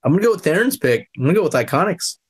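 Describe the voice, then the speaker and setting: A blunt man co-hosting a casual podcast chat, making dry remarks. His voice is slightly high and very lively. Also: rapid-fire. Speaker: podcast co-host.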